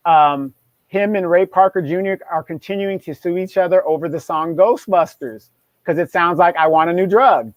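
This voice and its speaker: Man, co-host, casual, relaxed, dry room. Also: high voice, normal speed, no room sound. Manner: relaxed, offers trivia and corrections. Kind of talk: casual chat.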